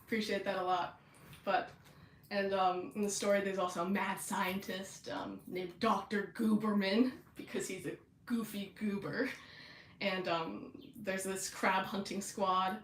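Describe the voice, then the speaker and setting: A woman's voice: medium pitch, level tone, measured pace, echoey room, slight background noise. A young woman hosting a casual chat, bubbly and giggly, with lots of fillers. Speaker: podcast host.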